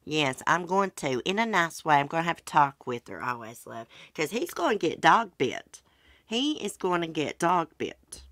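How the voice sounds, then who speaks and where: Low-voiced, folksy woman. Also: very animated, moderate pace, a bit bright, no room sound, clean studio sound. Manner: chatty, folksy storytelling. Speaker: channel host. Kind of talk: casual chat.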